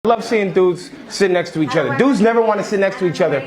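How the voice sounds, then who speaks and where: A man doing stand-up crowd work, brash and insulting, at times shouting. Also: high-pitched, expressive, fast talker, heavy background noise. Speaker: stand-up comedian. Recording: echoey club with loud crowd.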